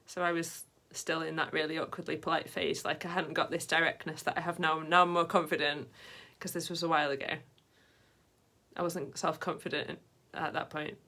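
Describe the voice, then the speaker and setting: Woman, casual vlog chat, slightly low voice, rambling with lots of fillers. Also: little pitch movement, moderate pace, bright, forceful tone. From Britain. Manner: rambling, goes off on tangents, many "like" fillers. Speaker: vlogger.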